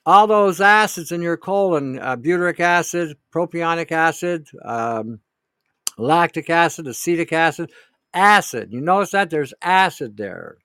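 A man's voice: fairly high pitch, animated, a little slow, a bit bright, smooth, no echo, studio quality. A man hosting a show, talking in a blunt, rambling, opinionated way and answering a listener's question. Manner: blunt, rambling, emphatic with profanity. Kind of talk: casual opinionated monologue.

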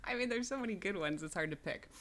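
A woman's voice: medium pitch, animated, quick pace, fairly bright tone. A woman contestant on a casual podcast, amused and giggling between answers.

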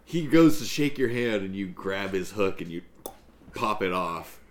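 A man narrates a tabletop game as its game master, pausing and restarting as he builds the scene. His voice sits deep and low. He takes his time over every sentence. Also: animated. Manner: halting, full of fillers and restarts.

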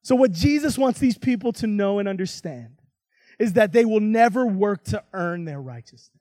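A man's voice: sits high, animated, moderate pace, a little mellow, no room sound. A man giving a sermon as a guest preacher, telling a story in a conversational way with casual asides.

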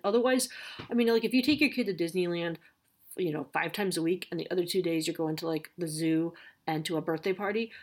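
Chatty woman with a lowish voice. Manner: chatty, many fillers and self-corrections. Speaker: parent sharing advice. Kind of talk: casual monologue.

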